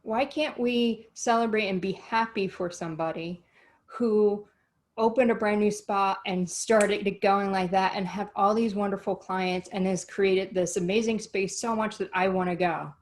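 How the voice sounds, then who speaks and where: A woman's voice: mid-range voice, fairly even intonation, moderate pace. A woman hosting a podcast in casual chat, earnest and rambling, easily moved. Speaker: podcast host.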